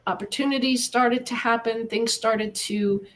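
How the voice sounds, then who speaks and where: A woman's voice: on the high side, fairly even intonation, unhurried, fairly bright tone. A middle-aged American woman, a guest in an interview, telling her story in an earnest, encouraging way. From United States. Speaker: guest, animal communicator. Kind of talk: casual interview talk.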